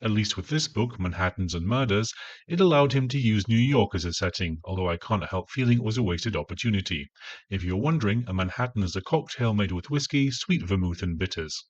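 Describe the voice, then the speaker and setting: Guy doing a snarky book review, lowish voice, dull dry lo-fi sound. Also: lively intonation, fairly quick, no room sound. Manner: dry, sarcastic, scornful. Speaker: audiobook reviewer. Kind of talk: spoken review.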